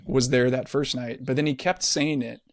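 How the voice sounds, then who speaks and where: A man co-hosting a podcast, telling stories in a relaxed, animated conversational way. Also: mid-range voice, moderate pace, no room sound, studio quality. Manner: animated storyteller. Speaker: podcast co-host. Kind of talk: casual conversation.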